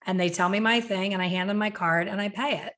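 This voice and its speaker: A woman hosting a casual podcast conversation, a lively storyteller who acts out quotes. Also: medium pitch, fast talker, slight background noise. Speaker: podcast host, hair color educator.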